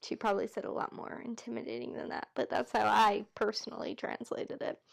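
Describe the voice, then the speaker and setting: A woman reading a novel aloud in a relaxed, unpolished way. She stops for chatty asides and often corrects herself mid-word, and her voice sits a little high. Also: brisk, gravelly. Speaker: amateur reader. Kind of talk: casual read-aloud of a novel.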